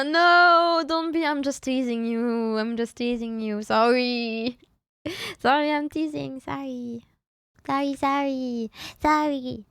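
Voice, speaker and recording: Young woman chatting on stream, slow and teasy, smooth clean voice, dry close mic. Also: a little high, no echo. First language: French. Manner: playful teasing, frequent restarts and fillers. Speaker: VTuber streamer. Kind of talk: casual livestream chat.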